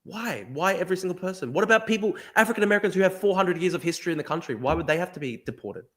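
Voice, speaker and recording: A man's voice: sits high, lively intonation, racing, fairly bright tone. A man from Australia hosting a heated debate, exasperated, stammering and restarting, calling the other person "dude" again and again. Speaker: podcast host.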